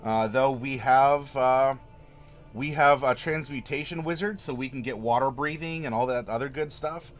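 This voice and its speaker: A man's voice: mid-range voice, moderate pace, faint music behind. Chatty man hosting a livestream. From Florida. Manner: chatty, laughs often, rambling asides. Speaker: livestream host. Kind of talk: casual livestream chat reading viewer comments.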